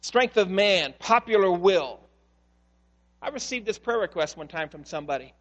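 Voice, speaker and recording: High-voiced preacher in a reverberant hall. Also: male voice, moderate pace. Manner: animated storytelling, acts out voices in quotes. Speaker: pastor. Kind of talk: sermon.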